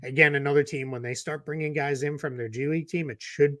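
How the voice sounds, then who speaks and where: A man's voice: a little high, fairly even intonation, a bit bright, dry recording, studio quality. Man with a Boston accent, casual analysis. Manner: quick, loose analysis with fillers and restarts. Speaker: podcast co-host, basketball analyst. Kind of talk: casual chat.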